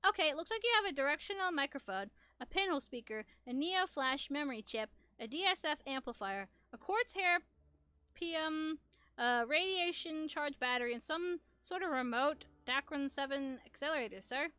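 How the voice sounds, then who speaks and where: A woman's voice: high voice, expressive, moderate pace, pushed and bright, no room sound. A woman voicing a young robot caretaker who talks in a stiff, formal way in a game. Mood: anxious.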